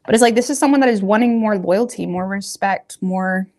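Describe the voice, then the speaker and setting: A woman's voice: medium pitch, a little fast, dark tone. A woman giving a casual tarot reading, talking straight to her viewers in a loose, rambling, colloquial way. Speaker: tarot reader.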